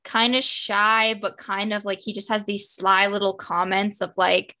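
Young woman gushing about music, lots of likes, bright clear voice. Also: mid-range voice, level tone. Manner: fan-girly, quick, lots of "like" fillers. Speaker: podcast co-host. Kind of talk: casual chat.

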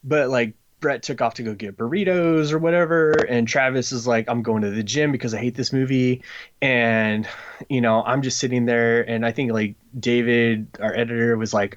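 With fairly even intonation and normal speed, this mid-range-voiced comic book creator casually rambles through a podcast story, heavy on fillers and impressions of other people. The lo-fi audio comes across slightly dull.

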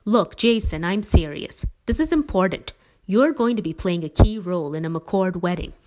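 A woman's voice: fairly low pitch, lively intonation, moderate pace, darkish tone, lightly acted. A woman voicing an earnest, grumbling middle-aged father who lectures his son in a family story. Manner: stern, grumbling.

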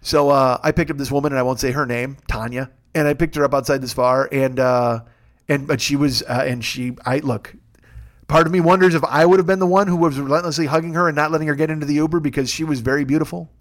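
Male host, rapid wry delivery, curse-heavy rambling monologue, a touch high. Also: steady tone. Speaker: podcast host. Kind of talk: casual comic monologue.

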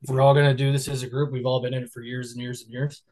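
A man's voice: mid-range voice, flat delivery, rapid-fire, darkish tone, poor audio. Blunt, profane man on a podcast. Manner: blunt, profane, lecturing about respect. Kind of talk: casual fantasy sports chat.

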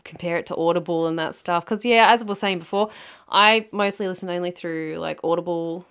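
A woman author co-hosting a podcast, thinking aloud in a relaxed, hesitant way. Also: lowish voice, a little fast, clear, resonant tone. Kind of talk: casual podcast chat.

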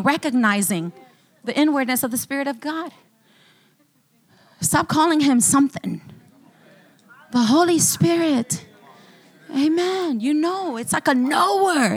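Woman pastor, high voice, animated church testimony full of laughter. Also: moderate pace. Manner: animated storytelling, breaks into laughter often. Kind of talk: sermon testimony. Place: church service.

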